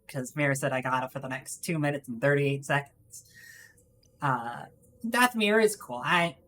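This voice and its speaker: Low-voiced woman in a put-on Texas drawl. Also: fairly bright tone, a little hiss or hum. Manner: rambling, swearing, drawling. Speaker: streamer. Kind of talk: gaming livestream commentary.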